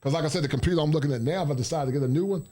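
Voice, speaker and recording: A man's voice: on the high side, rapid-fire, dark tone. A man hosting his own channel's livestream, laid-back and casual, often tagging lines with "man". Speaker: YouTube channel host.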